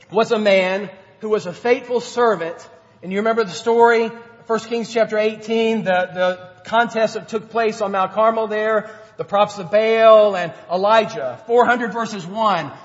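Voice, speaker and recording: A man's voice: high-pitched, moderate pace. A man preaching a sermon as a pastor, earnest and conversational, acting out quotes as he goes. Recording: dull lo-fi sound with long hall reverb.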